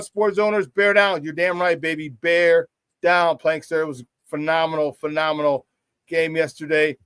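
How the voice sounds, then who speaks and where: A man's voice: high-pitched, a bit bright, smooth, dry recording. A middle-aged man hosting a live morning sports talk show, hyped and boisterous, laughing often as he reads out viewer comments.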